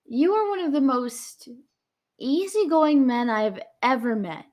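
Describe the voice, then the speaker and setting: A woman's voice: high voice, measured pace. A woman playing a caring young noblewoman from court who fusses over her friends. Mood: fond. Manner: excitable, fussing.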